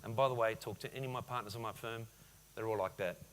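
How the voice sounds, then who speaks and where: A man in his forties giving a lively business keynote at a conference, often firing questions at the audience. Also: on the low side, quick pace, slight background noise. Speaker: conference speaker. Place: conference hall.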